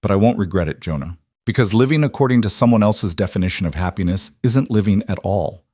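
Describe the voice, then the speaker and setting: A man voicing a frank young woman scientist who speaks in a steady, measured way, read as a storybook. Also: lowish voice, no echo, studio quality, close to an everyday voice. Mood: earnest. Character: sharp-minded young female scientist, frank.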